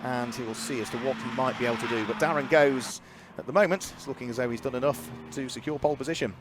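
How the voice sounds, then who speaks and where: A man's voice: medium pitch, quick pace, music in the background. A man commentating live on club motor racing, methodically reading out lap times and grid positions.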